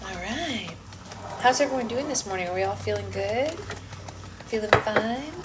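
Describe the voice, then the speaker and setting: A young woman hosting a casual livestream chat, talkative and warm with viewers, now and then breaking into song. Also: medium pitch, moderate pace. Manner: chatty, breaks into singing. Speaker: book club livestream host. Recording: loud background hum.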